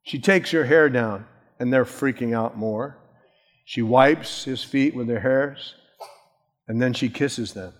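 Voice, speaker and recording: A man's voice: mid-range voice, slow. Man preaching in an echoing hall. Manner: conversational, storytelling with asides. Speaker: pastor. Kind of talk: sermon.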